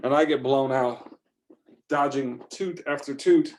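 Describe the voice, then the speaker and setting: A man spins an improvised first-person adventure story at an ordinary, mid-range pitch. He rambles and restarts, piling on fillers as he excitedly relays each twist. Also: measured pace, a little hiss or hum.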